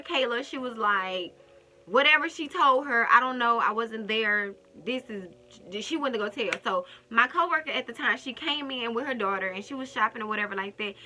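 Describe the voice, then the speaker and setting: A woman vlogger telling a story to the camera in a casual, animated way, speaking straight to her viewers. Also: on the high side, slight background noise. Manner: animated, talks straight to viewers, acts out quotes.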